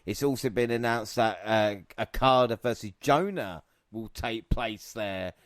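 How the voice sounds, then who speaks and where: A man's voice: on the low side, a little slow, dry recording. A man hosting a podcast in casual chat, joking, laughing and swearing freely. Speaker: podcast host.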